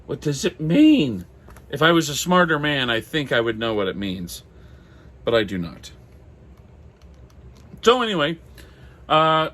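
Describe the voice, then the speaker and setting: Halting man with a dry throat. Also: mid-range voice, fairly bright tone. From Minnesota. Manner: halting, many fillers and restarts, apologetic. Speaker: comic collector vlogger. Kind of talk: casual solo chat.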